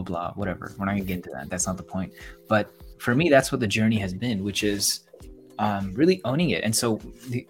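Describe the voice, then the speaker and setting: A young man co-hosting a podcast, talking casually and reflectively, rambling and acting out what others told him. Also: fairly low pitch. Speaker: podcast co-host. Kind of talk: casual chat.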